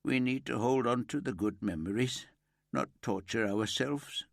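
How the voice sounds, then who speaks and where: A man's voice: medium pitch, measured pace, creaky, no echo, clean studio sound. A man voicing a frail, grieving father who speaks with strained anger. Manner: strained, angry then cracking.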